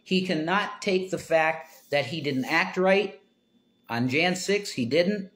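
A man's voice: a little high, slow pace. Rambling man ranting about politics. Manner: rambling, self-interrupting, swings from mumbling to loud exasperation. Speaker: political commentator. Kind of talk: casual rambling monologue.

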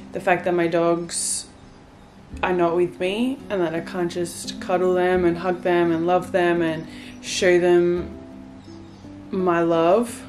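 A young woman vlogging to her viewers from a bright white bedroom, talking candidly and a little wearily as if on a casual video chat. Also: on the low side. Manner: tired, candid and rambling. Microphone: phone camera, close. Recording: faint guitar music underneath.

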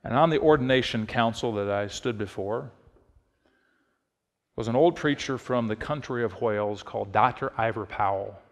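A middle-aged man preaching in a church, his voice sitting at an ordinary pitch for a man. He moves between relaxed storytelling and emphatic, shouted declarations. A long reverb trails each phrase through the sanctuary. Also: normal speed. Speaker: pastor. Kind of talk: sermon.

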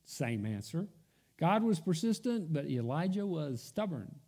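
A pastor preaching in church tells a story in a fairly high, mellow voice that's husky and sing-song, moving a little slowly. His pitch swings widely as he acts out the characters, and he sinks almost to a whisper for emphasis.

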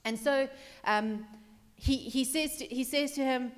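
Woman preaching a lively sermon in a hall. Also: sits high, a little slow. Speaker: pastor. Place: church hall.

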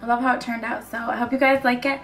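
A woman's voice: on the high side, flat delivery, fast. A young woman narrating a makeup tutorial in a chatty, upbeat voice-over. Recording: voice-over with soft background music.

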